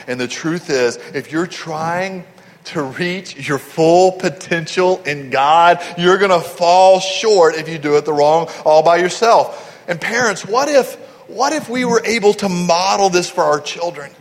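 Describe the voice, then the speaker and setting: Animated preacher man in a reverberant hall. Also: fairly high pitch. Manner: animated storytelling, acting out voices. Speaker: pastor. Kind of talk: sermon.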